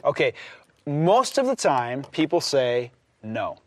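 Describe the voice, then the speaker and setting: A man's voice: medium pitch, big pitch swings, slow pace, dry recording. A man earnestly explaining scripture in an emphatic, expository group discussion. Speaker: Bible teacher. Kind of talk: Bible study discussion.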